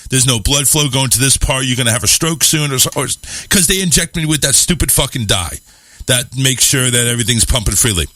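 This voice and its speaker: A man hosting a talk show, telling a long, animated, swear-heavy story that pokes fun at his own panic. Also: medium pitch, fairly quick, no room sound. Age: adult, married. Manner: animated, swears freely, self-mocking about his health scare. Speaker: radio show host. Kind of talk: casual storytelling chat.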